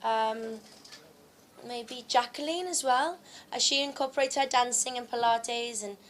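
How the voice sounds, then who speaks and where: A woman's voice: fairly high pitch, measured pace, a little hiss or hum. A young woman from the UK, an actress answering press questions at a launch, a little unwell from travel, chatty with many fillers and frequent laughs. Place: press event.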